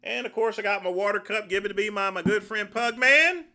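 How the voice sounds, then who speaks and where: A middle-aged man with a high, sharp voice hosts a casual livestream, talking a little fast. He rambles in a folksy way and calls his viewers "folks."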